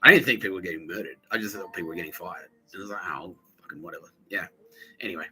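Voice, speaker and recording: A man hosting a podcast, telling a rambling story in a casual, profane, animated way. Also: low-pitched, racing, slightly rough, faint music behind, poor audio. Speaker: podcast host.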